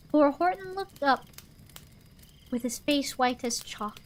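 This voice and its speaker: A young woman streamer reading a picture book aloud, with animated, chatty asides, at a desk microphone. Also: high voice, takes it slowly.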